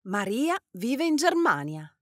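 A woman reading example sentences slowly with careful model pronunciation. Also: a little high, big pitch swings, a bit bright.

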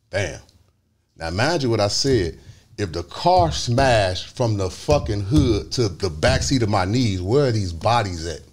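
A man, a guest telling a long story in street slang and acting out sounds as he goes. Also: fairly low pitch. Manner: street slang, rambling retelling with sound effects. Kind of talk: storytelling interview.

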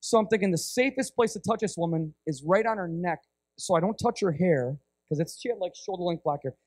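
Speaking a little fast in a high-pitched voice, a man delivers a storytelling sermon as a guest speaker, captured in a dry recording. He brings a vivid story to life with acted-out voices, animated delivery, and frequent checks of "right?"

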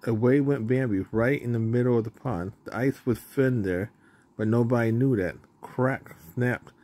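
A man reading a children's storybook aloud in a plain, even narrating manner, with the odd stumble. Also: mid-range voice, moderate pace.

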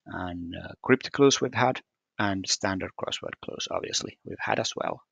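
A man's voice: low voice, moderate pace, gravelly, fairly bright tone, slightly rough, no room sound, dull audio. A man walking through a puzzle solution step by step, hesitant and methodical, with frequent fillers. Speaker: puzzle solver explaining solutions. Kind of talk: screen-recorded puzzle walkthrough.

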